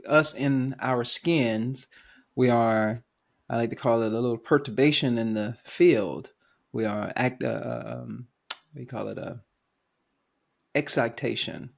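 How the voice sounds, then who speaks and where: A male podcast host who talks in a thoughtful, halting way, often pausing to search for the right words. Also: mid-range voice, gravelly. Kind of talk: casual conversation.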